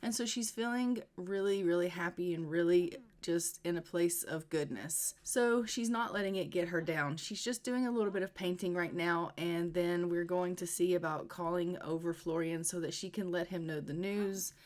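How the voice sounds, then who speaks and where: A woman's voice: lowish voice, normal speed, hardly any pauses. A woman casually narrating a life-sim game story, retelling the characters' talk in a chatty "and she's like" way. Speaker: gameplay narrator.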